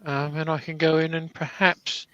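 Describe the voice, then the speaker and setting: A man hosting a casual woodturning livestream, relaxed and full of puns and fillers. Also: a little high, moderate pace, dull audio, a crowd in the background. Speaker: livestream host.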